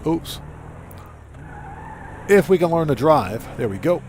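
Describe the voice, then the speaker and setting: A talkative man streams a game live, chatting casually and answering viewers as he plays. His voice sits a little high for a man. Faint game noise hums behind him. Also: very animated, slow, a little mellow. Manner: chatty, greets subscribers and reads chat aloud. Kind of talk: live gameplay commentary.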